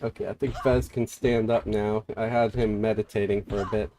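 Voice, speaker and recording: A man's voice: fairly low pitch, normal speed, a little hiss or hum. A man streaming a game live, chatting casually and reading viewer messages aloud, a bit stuffy from a cold. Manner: relaxed, rambling, reads chat aloud.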